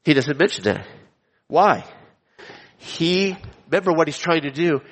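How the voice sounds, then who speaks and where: A man preaching an expository sermon. He reads scripture and explains it emphatically, repeating key phrases and slowing down to stress them. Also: fairly high pitch, lively intonation. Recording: long reverb of a large hall.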